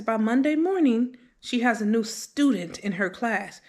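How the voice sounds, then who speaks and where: A woman's voice: on the high side, normal speed, hardly any pauses. Chatty woman vlogging from her kitchen. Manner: chatty, animated, talks straight to viewers. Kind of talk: casual vlog storytelling while cooking. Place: home kitchen. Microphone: handheld phone camera.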